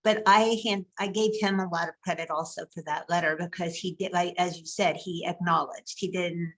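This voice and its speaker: A woman's voice: lowish voice, fairly even intonation, moderate pace, fairly bright tone, poor audio. A woman interviewer in casual conversation who hesitates and restarts with fillers.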